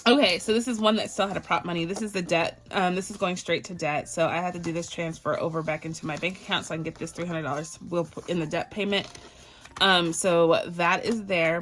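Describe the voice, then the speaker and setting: Sorting and counting her budget cash, a Barbadian woman keeps up a playful, chatty talk with viewers she addresses as y'all. Her voice is on the low side, with a little hiss or hum in the recording.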